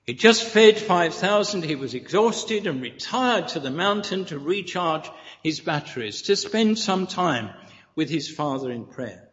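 A man delivers a sermon at an unhurried, measured pace, his voice sitting slightly high. He stresses each repeated line with earnest conviction. The recording is muffled and lo-fi, and a long church reverb trails every phrase. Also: expressive, fairly bright tone. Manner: earnest, deliberate, emphatic repetition. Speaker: preacher.

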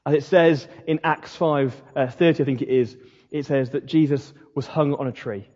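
A man's voice: medium pitch, fairly even intonation, moderate pace, darkish tone. A man preaching a sermon in a conversational way, with slips and restarts. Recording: dull lo-fi sound in a reverberant hall.

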